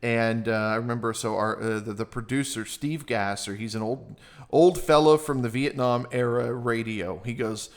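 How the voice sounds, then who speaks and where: A man's voice: medium pitch, normal speed. A middle-aged man hosting a radio interview, chatting casually and acting out quotes as he tells stories. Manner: animated storyteller, acts out quotes. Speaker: radio show host.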